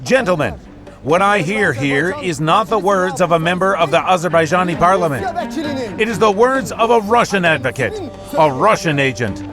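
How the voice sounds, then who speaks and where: An actor playing an impassioned parliamentary leader who fires off accusing rhetorical questions, in a dubbed documentary reenactment. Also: male voice, high voice, lively intonation, normal speed. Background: music.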